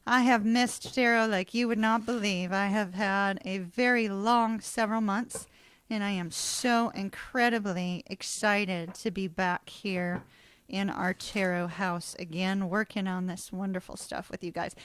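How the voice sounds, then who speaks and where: A woman's voice: mid-range voice, fairly even intonation, a little slow, a bit bright, clear, resonant tone. Chatty woman reading tarot. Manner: chatty, storytelling, swears casually; laughs often. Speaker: tarot reader.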